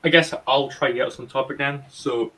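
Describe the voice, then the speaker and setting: A young man from Britain hosts a casual online podcast, talking at an ordinary pitch. He rambles through his points, swears freely and laughs easily. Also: fairly even intonation, a little fast, a bit bright. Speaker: podcast host. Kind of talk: casual chat over a voice call.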